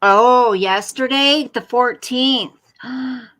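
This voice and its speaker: A woman's voice: a little high, drawn-out words, a bit bright, poor audio. A woman hosting a casual livestream, talking bluntly and rambling to her chat and her pet at home. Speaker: livestream host. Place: home room.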